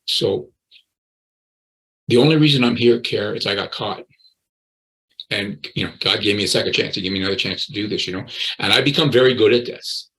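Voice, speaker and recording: A man's voice: fairly low pitch, a little fast, pauses often, fairly bright tone, rough recording. A man in his sixties, a recovery coach, earnestly telling his personal story in an interview and often repeating his words.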